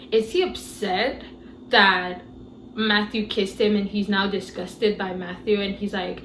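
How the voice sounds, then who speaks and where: A woman giving a casual movie review, retelling scenes in an animated, incredulous way. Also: mid-range voice, echoey room, slight background noise, rough recording.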